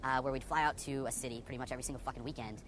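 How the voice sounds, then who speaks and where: Young male dating coach, rapid-fire, profane and candid, with a faint hum of room sound behind him. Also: medium pitch, fairly even intonation, a bit bright. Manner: profane, heavy on "you know" fillers. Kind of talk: candid personal story told to camera.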